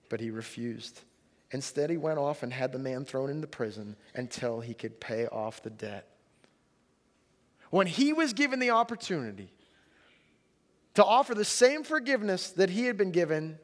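A man preaches in a relaxed, talk-to-the-room way, his voice sitting fairly high for a man. He leans hard into quoted lines and punch lines. The sound rings with the long reverb of a large hall. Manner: conversational preaching, rising emphasis on quotes. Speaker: pastor. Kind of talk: sermon.

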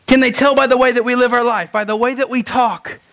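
A young man preaching a sermon as pastor, animated, asking rhetorical questions and acting out quoted lines. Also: very high voice, a little fast.

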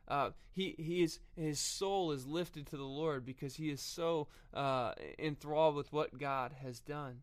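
A man preaching a sermon earnestly, often pausing with fillers and restarting his phrases. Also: fairly high pitch, clear, resonant tone.

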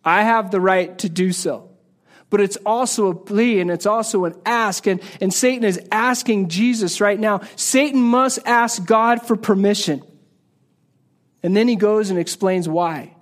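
High-voiced man preaching casually. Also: a little slow. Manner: casual, conversational Bible teaching; repeats and restarts words while explaining. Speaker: pastor. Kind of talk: sermon.

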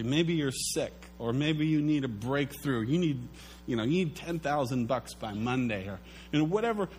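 Male pastor giving a sermon; animated storyteller with a slightly high pitch and faint hum in the background. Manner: animated storytelling, acts out quotes.

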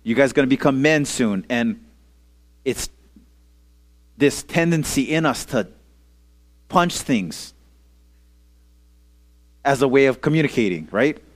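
Casual pastor talking with a youth group. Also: male voice, mid-range voice, expressive, slow, pauses often. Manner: conversational, checks in with "okay?" and "amen?"; leads call-and-response with a young audience. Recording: audio-only sermon recording.

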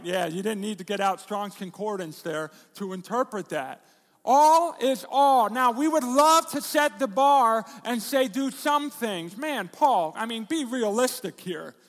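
A man's voice: high-pitched, fairly bright tone, long reverb tail. A middle-aged man, a pastor, preaching a sermon in a conversational, self-deprecating way with jokes and rhetorical questions.

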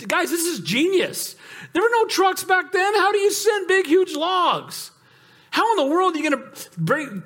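A male pastor delivers a sermon in a noticeably high voice. He tells stories with animated asides and keeps calling out for amens. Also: breathy edge. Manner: animated storytelling with calls for amen.

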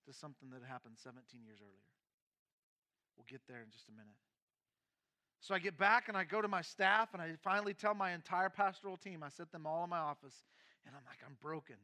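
A middle-aged man pastor tells his own story from the pulpit, his voice pitched high and sharp. He moves between hushed, heavy passages and emphatic bursts, speaking candidly. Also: expressive, fairly quick. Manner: candid storytelling, mixing quiet and emphatic moments. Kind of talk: sermon testimony.

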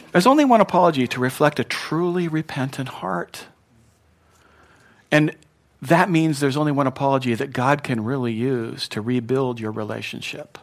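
A man preaching a sermon, emphatic, swinging between loud punchy lines and quiet ones and getting his audience to repeat words back. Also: mid-range voice, moderate pace. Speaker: pastor.

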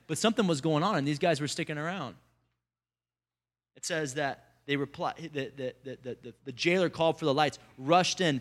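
High-voiced man preaching a lively sermon. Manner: lively, conversational preaching with calls to the congregation. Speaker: pastor. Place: church service before a congregation.

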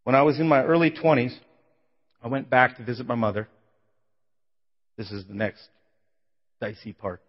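A man preaching, telling his own story with emotion, his voice swelling loud and falling to a hush. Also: animated, normal speed, long pauses. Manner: emotional testimony, voice swelling then dropping low. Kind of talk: sermon. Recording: dull sound in a big reverberant hall.

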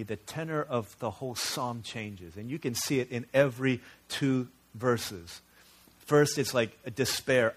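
A man's voice: mid-range voice, unhurried, breathy edge. A man preaching a sermon as a pastor, telling stories in an earnest, conversational way.

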